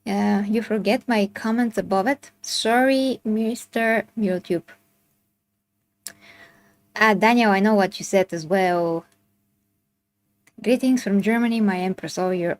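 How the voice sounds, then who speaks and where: A woman with a Bulgarian accent, hosting a casual commentary stream and chatting through viewer comments with fillers and restarts. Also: mid-range voice. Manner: chatty, with filler words and restarts, laughing asides. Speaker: channel host.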